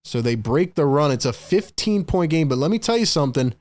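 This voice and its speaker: Excitable young man calling a game live. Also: on the high side, a little fast, no echo. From Philadelphia area. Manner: excitable, hypes the chat, shouts at big plays. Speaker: live stream host doing play-by-play. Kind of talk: fan play-by-play commentary on a live stream.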